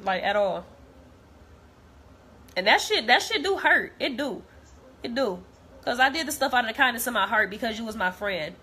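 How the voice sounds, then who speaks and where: Bright-voiced young woman, heated blunt rant. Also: a little high, animated, moderate pace, long pauses, breathy edge. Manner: blunt, repetitive, heated, profane. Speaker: vlogger. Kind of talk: direct-to-camera rant.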